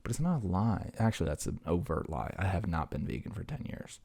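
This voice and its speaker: Deep-voiced man rambling casually. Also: big pitch swings, brisk, vocal fry, mellow, breathy edge. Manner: rambling, jokey, self-deprecating, lots of fillers. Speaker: podcast host. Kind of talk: casual solo chat.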